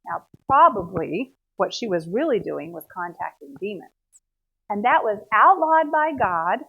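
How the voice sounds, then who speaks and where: A woman's voice: mid-range voice, unhurried, vocal fry, slightly rough. A woman teaching a Bible history lesson in a casual storytelling way, acting out the quotes. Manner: retells scenes with lively acted-out quotes. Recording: tinny phone-like sound.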